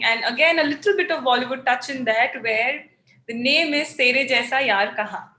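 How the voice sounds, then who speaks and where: A woman's voice: fairly high pitch, bright, forceful tone, echoey room. A woman hosting a talk show over a video call, polite and deferential, addressing her guest as sir. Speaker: host. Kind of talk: interview hosting.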